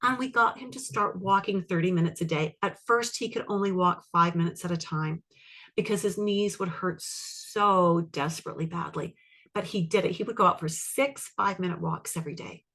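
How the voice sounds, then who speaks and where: Woman, online class, animated, conversational, asks audience questions. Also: fairly low pitch, normal speed. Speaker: iridology educator. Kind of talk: webinar teaching with case story.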